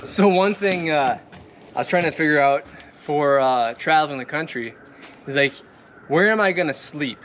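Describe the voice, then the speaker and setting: A man's voice: fairly high pitch, lively intonation, moderate pace, a bit bright. A young man with a Midwestern accent, casually walking through his boat setup, rambling with lots of fillers and laughing often as he moves around outdoors. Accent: Midwestern American. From Minnesota or the Midwest. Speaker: vlogger showing his boat. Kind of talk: casual walkthrough. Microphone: camera set on the boat, distance varies. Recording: outdoor recording with clear background noise.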